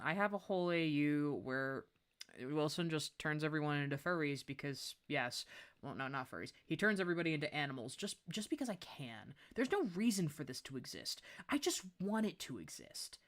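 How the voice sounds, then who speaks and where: A young woman streamer chatting as she sketches, excitable and gushing, with frequent laughter. Her voice sits low but swings widely in pitch, so she keeps jumping between murmured asides and bright squeals. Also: moderate pace. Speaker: art streamer. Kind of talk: casual livestream chat while drawing.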